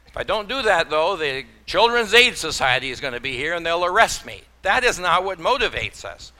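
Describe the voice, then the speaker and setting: A man preaching a sermon in a bright, forward voice. He talks in a folksy way, tossing in homespun exclamations and acting out little stories for his congregation. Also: fairly high pitch, very animated, a little fast. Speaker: pastor.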